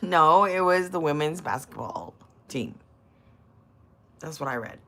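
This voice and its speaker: An older woman hosts a relaxed livestream, reading out viewers' messages in a bright, ringing voice. She speaks slowly but her pitch leaps around, and she teases crudely, swears freely and laughs often. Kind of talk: casual livestream chat.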